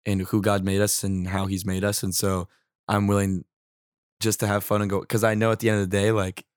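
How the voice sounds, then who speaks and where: A man's voice: on the low side, flat delivery, fairly quick, dry recording, clean studio sound. A young man in his twenties, a podcast guest chatting casually, with lots of "like" and "um" fillers. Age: 20s. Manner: rambling, heavy on fillers like "like" and "um". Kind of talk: casual chat.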